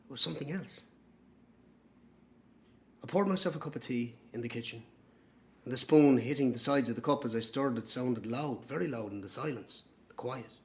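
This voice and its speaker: An actor with an Irish accent playing a young man, her lost twin, speaking in a hushed, brooding dramatic monologue for an audio drama. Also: medium pitch, moderate pace, close to an everyday voice. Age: young adult.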